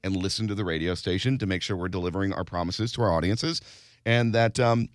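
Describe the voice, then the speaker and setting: A man from the radio station's management, speaking in a fairly low, easygoing voice. The sound is dry and close, with no room around it. He explains how things work in a calm, measured way. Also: no room sound. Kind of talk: casual radio banter.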